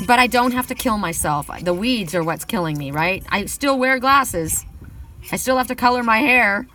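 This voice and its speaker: A woman's voice: a little high, expressive, normal speed, pushed and bright, far from the mic, soft background music, low-quality recording. A middle-aged woman giving a casual oracle card reading, chatty, often laughing, whooping and swearing.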